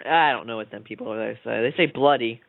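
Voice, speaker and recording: A man's voice: medium pitch, quick pace, creaky, no room sound. A man co-hosting a comedy podcast, crude and clowning, playing dumb. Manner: crude, clowning, feigned ignorance. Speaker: co-host. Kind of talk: casual comedy podcast banter. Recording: dry, tinny lo-fi sound.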